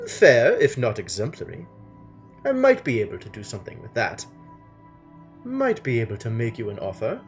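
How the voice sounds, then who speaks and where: A man voicing a charming, flirtatious male trader with a grand, drawn-out delivery, reading game dialogue aloud. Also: medium pitch, huge pitch swings, soft background music, voice pushed down. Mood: smooth bargaining.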